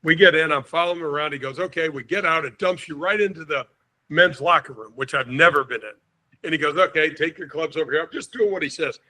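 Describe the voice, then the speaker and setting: Man, 60s, from St. Louis, guest storyteller, acts out quotes, bright voice. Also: a little high, fast talker. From St. Louis, USA. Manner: lively storyteller, acts out quotes, chuckles often. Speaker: podcast guest. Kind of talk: animated anecdote telling.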